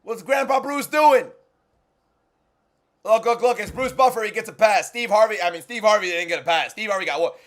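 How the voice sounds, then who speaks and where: A man hosting a live fight watchalong, reacting with incredulous, repetitive exclamations that swing from low muttering to shouting. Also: fairly quick. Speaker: watchalong host.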